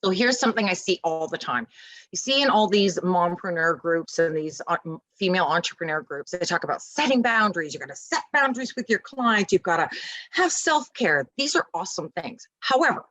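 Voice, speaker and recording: Lady guest on a parenting chat, super lively pitch, emphatic, dry close sound. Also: brisk, dry recording, rough recording. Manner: animated, emphatic storyteller acting out dialogue. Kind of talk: casual interview chat.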